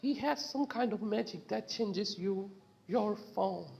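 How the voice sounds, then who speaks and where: A woman's voice: mid-range voice, a little slow, gravelly, a little mellow, pitched below the performer's own voice. A woman reading a story game aloud, voicing a guilty young traitor who earnestly explains herself.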